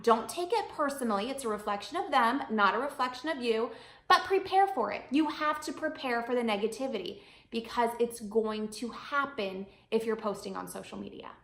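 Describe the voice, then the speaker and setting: An upbeat, emphatic woman talks straight to camera, giving media advice in a chatty vlog. Her voice sits high and bright, and the room adds a noticeable echo around her. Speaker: media coach and vlogger.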